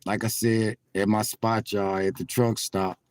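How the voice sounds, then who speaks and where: Man, phone livestream from a car, low pitch, dry sound, preacher-like swells, talks to viewers. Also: little pitch movement, unhurried, dry recording. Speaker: vlogger livestreaming from his car. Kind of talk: casual livestream chat. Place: in a parked car at a truck stop.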